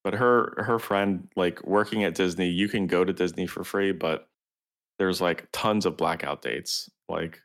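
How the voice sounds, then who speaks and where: A man with a very low, gravelly voice, co-hosting a gaming podcast. He speaks softly and hesitantly, letting his sentences trail away. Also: steady tone, a little slow. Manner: soft-spoken, trailing off, hesitant. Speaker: podcast co-host. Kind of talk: casual chat.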